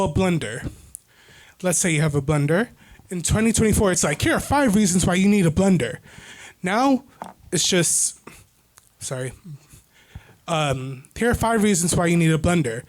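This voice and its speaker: Give me a high-voiced man doing a meandering stand-up set. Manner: meandering, awkward, self-correcting. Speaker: stand-up comedian, brand-new. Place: comedy club stage in New York City.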